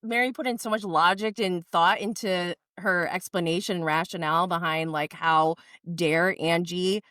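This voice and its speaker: Speaking at a moderate pace in a lowish, fairly bright voice with a steady tone, this woman chats as a podcast guest, retelling a reality TV episode full of "like"s. The studio sound is clean with no room sound.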